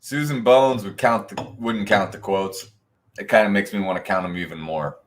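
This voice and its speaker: A man's voice: on the low side, normal speed. A man hosting an online trivia night, reading answers and scores and teasing players in the chat with sarcastic banter. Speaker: trivia host.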